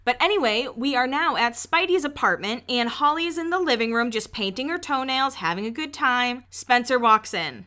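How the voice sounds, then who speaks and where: Bright-voiced young woman recapping gossip. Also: on the high side, animated, moderate pace, few pauses. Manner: chatty and gossipy, with frequent "like" and swearing. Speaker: podcast host recapping a reality show. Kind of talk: casual recap commentary.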